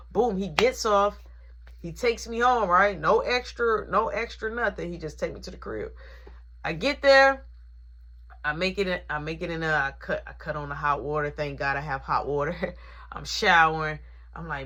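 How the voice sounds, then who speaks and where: Bright-voiced woman telling a story. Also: lowish voice, moderate pace. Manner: animated, conversational storytelling. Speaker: vlogger. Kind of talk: casual storytime.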